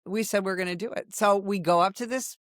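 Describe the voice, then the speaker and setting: A woman in her sixties, a former undercover police officer, telling a story in a podcast conversation with dramatic, animated retelling. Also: medium pitch, brisk, dry recording, clean studio sound. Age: 60s.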